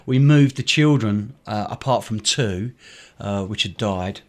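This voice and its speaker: A man's voice: lowish voice, unhurried. A middle-aged man, a charity director, telling a story in an interview in a rambling way with many fillers and restarts. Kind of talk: conversational storytelling.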